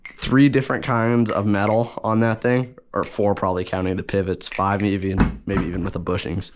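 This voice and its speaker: Low-voiced guy rambling thru a knife review, faint clicking behind. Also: little pitch movement, moderate pace, noisy background. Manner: rambling, self-correcting, enthusiastic. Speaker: balisong reviewer. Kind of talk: casual unboxing and review vlog.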